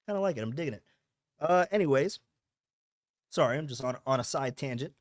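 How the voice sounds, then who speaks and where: This podcast host, a young man livestreaming casually from home, rambles, repeats himself and reads chat out loud. He speaks a little fast with an expressive, medium-pitched voice, and the clean studio sound carries no room tone.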